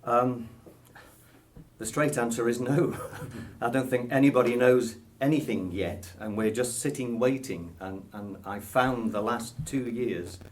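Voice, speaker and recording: With a medium-pitched voice and an unhurried pace, a British man in his sixties responds to casual interview questions, hesitating, chuckling and saying um often. A little hiss or hum can be heard in the recording.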